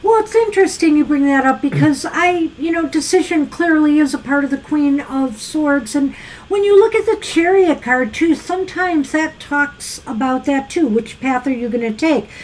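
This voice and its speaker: A woman with a high, light voice talks through a tarot reading on a live show. Her delivery is casual and thoughtful, dotted with ums and you-knows as she muses over what the cards suggest. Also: lively intonation, moderate pace, darkish tone, slight background noise, low-quality recording. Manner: thoughtful, musing, frequent fillers. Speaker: tarot reader co-host.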